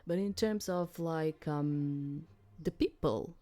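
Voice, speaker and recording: A woman's voice: low-pitched, slow pace, mellow. A woman reading a visual novel aloud and thinking through her choices in hesitant asides. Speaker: game player.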